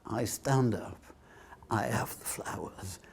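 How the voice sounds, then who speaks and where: A man who is a devotee, recalling a memory in an interview in a soft, halting and reverent way. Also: on the low side, vocal fry, breathy edge. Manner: soft, halting, reverent, often near a whisper. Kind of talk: personal reminiscence in an interview.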